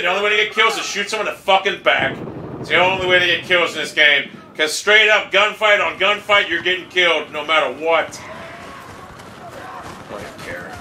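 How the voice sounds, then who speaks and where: A man ranting angrily over his gameplay, swearing constantly and complaining in exasperation. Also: a little high. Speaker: gamer streaming gameplay. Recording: roomy, distant mic with loud game noise.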